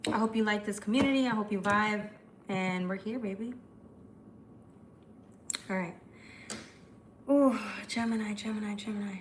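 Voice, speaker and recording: A woman doing a live tarot forecast, talking fast and chatty, often restarting mid-phrase. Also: medium pitch, slight background noise. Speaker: tarot reader.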